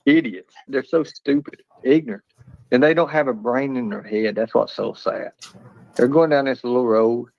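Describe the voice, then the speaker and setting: A man's voice: mid-range voice, moderate pace, vocal fry, no echo. A man co-hosting a casual livestream chat, rambling and often stammering and restarting. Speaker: livestream co-host. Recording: dull lo-fi stream audio.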